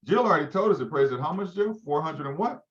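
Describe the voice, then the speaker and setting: A man's voice: on the high side, expressive, fast talker, dull audio. A man leading a live training session for real estate agents, quizzing his listeners as he goes. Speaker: real estate team leader teaching agents.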